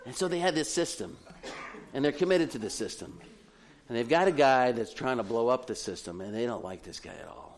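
A middle-aged pastor with a medium-pitched voice preaches briskly to his congregation. His sermon is animated storytelling sprinkled with humorous asides.

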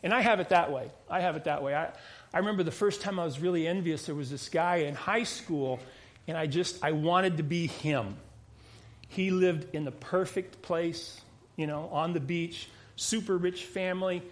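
High-voiced man preaching conversationally. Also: moderate pace. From United States. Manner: conversational preaching with frequent restarts and asides. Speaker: pastor. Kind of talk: sermon.

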